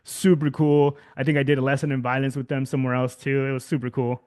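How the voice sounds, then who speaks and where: This man's mid-range voice is level, darkish, and clean, and he talks fast. He's a guest musician in his thirties from Southern California, speaking casually in an interview with rambling, frequent fillers and restarts, and lots of laughter.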